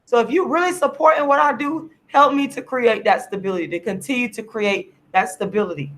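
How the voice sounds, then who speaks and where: A tired, sleepy woman hosting a casual livestream, speaking in an earnest, repetitive, drawn-out way to viewers through her camera. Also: fairly high pitch, fairly bright tone. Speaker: livestream host.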